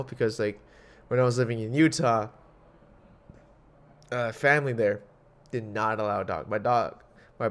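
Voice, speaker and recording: The young man running this laid-back solo podcast speaks in a mid-range, slightly bright voice. He wanders from topic to topic, cursing and joking, and coughs every so often.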